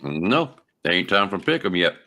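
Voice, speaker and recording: A man's voice: deep voice, big pitch swings, moderate pace, pushed and bright. A man, hosting a casual podcast chat in an easygoing, colloquial way. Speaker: podcast host.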